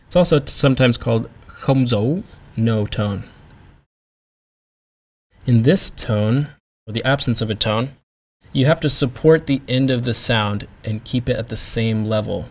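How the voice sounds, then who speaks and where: A man teaching a pronunciation lesson, speaking deliberately and demonstrating each sound with care. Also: mid-range voice. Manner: slow, deliberate, modelling sounds. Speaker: language teacher.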